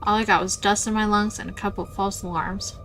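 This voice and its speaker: Give me a cheerful, teasing ghost-hunter girl, played by a woman in a game, bright and breezy. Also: medium pitch, fairly even intonation, fairly quick, soft background music, natural voice, poor audio.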